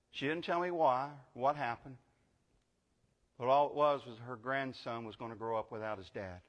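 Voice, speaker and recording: A man's voice: mid-range voice, normal speed, in a large hall. An older man giving a sermon as guest pastor, telling a story conversationally and building to emphatic preaching. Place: church sanctuary.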